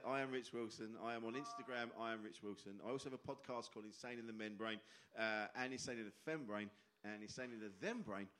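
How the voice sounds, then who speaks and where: A man riffing jokes as a guest on a live comedy panel. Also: medium pitch. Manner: jokey, riffing. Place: live venue with audience.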